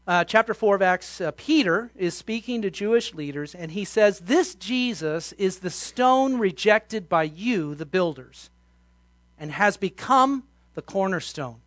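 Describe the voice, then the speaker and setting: Man preaching an animated sermon. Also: high-pitched, a little slow, no echo. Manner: storytelling, acting out scenes with shouts. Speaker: pastor.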